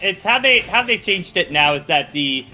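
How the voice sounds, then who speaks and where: A man chatting on a game stream, explaining things in halting restarts. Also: sits high, lively intonation, music in the background. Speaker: co-host on a stream. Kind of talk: casual chat.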